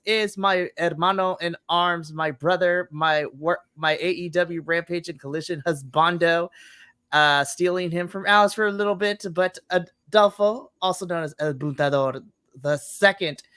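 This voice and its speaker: A man's voice: high-pitched, normal speed, clean tone, dry recording. A man hosting a late-night wrestling podcast, joking and upbeat as he chats with his co-host. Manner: playful, joking, energetic.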